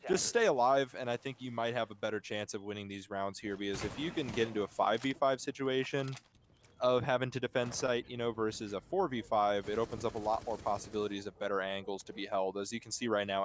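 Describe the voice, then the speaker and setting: A man's voice: fairly low pitch, slight background noise. A man giving analytical color commentary on a live esports match, breaking down strategy with enthusiasm.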